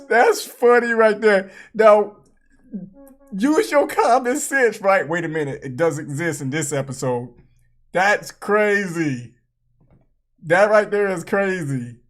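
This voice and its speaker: A woman hosting a reaction video, talking through clips with frequent laughter and loud exclamations. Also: medium pitch, lively intonation, takes it slowly. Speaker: channel host.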